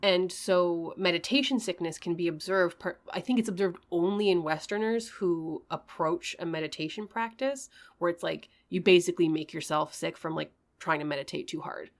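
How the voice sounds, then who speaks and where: A woman's voice: fairly low pitch, moderate pace, few pauses. A woman co-hosting a podcast in casual chat, talking loosely with lots of "like" and "you know". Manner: chatty, hedging with "like" and "you know". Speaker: podcast co-host.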